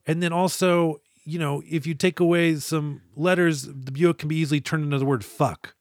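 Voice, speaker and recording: A man co-hosting a podcast, recapping a film in casual, animated, profane chat. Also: a little high, moderate pace, no room sound, studio quality. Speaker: podcast co-host.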